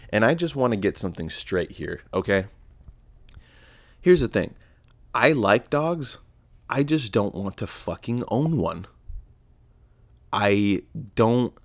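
With a fairly low voice on a dry recording, this young solo podcast host rambles along sarcastically. His talk is profane and full of self-corrections and sarcastic asides.

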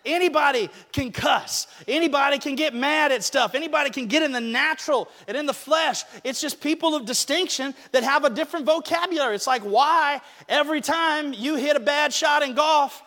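A pastor from Alabama preaching a sermon, calling out to the congregation and swinging between shouting and quiet asides. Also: male voice, very high voice, brisk, few pauses. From Alabama, USA. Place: large church hall. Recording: long hall reverb.

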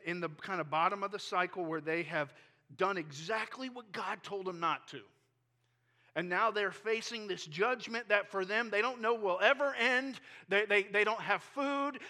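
Guy pastor giving a sermon, highish voice, kinda bright, chatty storyteller. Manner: animated storytelling, paraphrasing scripture in casual speech. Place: church.

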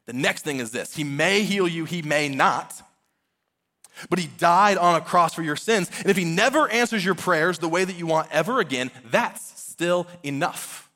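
A man's voice: on the high side, moderate pace, sharp tone. A man in his thirties preaching a sermon, earnest and conversational, often using casual fillers. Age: 30s. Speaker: pastor.

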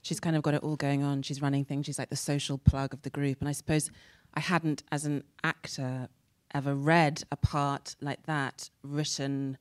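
A woman's voice: low-pitched, level tone, normal speed, few pauses. Reflective British woman, panel guest. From England. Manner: reflective, hesitant. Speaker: actor guest. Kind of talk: panel Q&A answer.

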